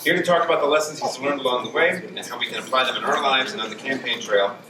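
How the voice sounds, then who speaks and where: A man's voice: medium pitch, fast. A man reading a formal introduction of a speaker at a convention. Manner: formal, read from a script. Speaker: event introducer. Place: convention hall. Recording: distant, echoey hall with crowd. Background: crowd.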